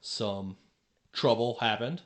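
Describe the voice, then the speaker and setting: A man's voice: medium pitch, takes it slowly. A young man talking as a podcast guest in a casual chat, telling stories in a laid-back, hesitant way with restarts.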